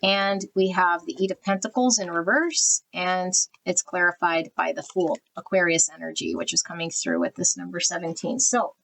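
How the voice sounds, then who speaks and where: A woman's voice: fairly low pitch, steady tone, normal speed, gravelly, hardly any pauses, a bit bright, low-quality recording. Rambling woman reading tarot cards. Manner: rambling, lots of fillers, self-corrections. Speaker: tarot reader. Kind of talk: casual intuitive tarot reading.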